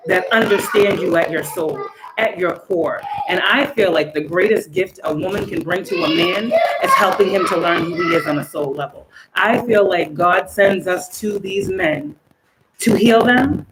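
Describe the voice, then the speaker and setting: A woman giving a spiritual tarot reading, talking emphatically, swinging between loud outbursts and soft asides. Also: medium pitch. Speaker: tarot reader and spiritual channeler. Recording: echoey room with background noise.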